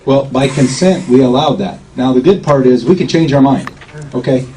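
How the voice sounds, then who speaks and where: A man giving a loose, folksy talk to a small gathering, with a mellow, dark tone. He rambles and keeps checking in with his listeners. A faint hiss of noise runs under the recording. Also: mid-range voice, moderate pace, low-quality recording. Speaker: speaker at a public gathering. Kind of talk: informal lecture to a small crowd.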